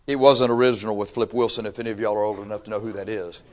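A man's voice: lowish voice, fairly even intonation, very fast. A man, preaching a sermon in a folksy, conversational way with emphatic rising bursts. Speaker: pastor.

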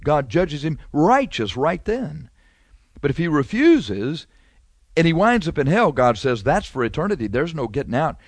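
A man's voice: fairly high pitch, no echo. Fiery scolding male preacher. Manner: emphatic, scolding, swings from rapid to slow. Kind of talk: fiery sermon.

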